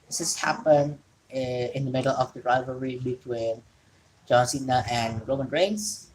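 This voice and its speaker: A woman's voice: extremely low pitch, normal speed, a little mellow, a little hiss or hum, rough recording. A woman from Indonesia, an English speaker, hosting a casual solo wrestling talk show from home and rambling with frequent self-corrections. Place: home during rain.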